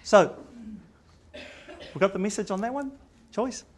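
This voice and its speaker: A man's voice: high-pitched, unhurried, a little hiss or hum. A middle-aged man with a New Zealand accent talks to a room as a general practitioner. He keeps it loose and storytelling, tripping over words and starting phrases again. Māori words sit easily in his everyday phrasing. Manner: chatty storyteller with many restarts and stammers. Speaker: general practitioner giving a seminar talk. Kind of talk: informal conference presentation.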